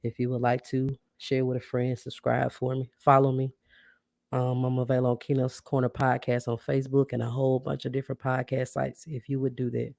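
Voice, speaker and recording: A woman podcast host chatting casually with livestream viewers, warmly thanking them and reacting to their comments. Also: rumbling low, monotone, brisk, vocal fry, no room sound, studio quality. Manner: chatty, keeps addressing viewers as y'all; warm and grateful, reacts to comments.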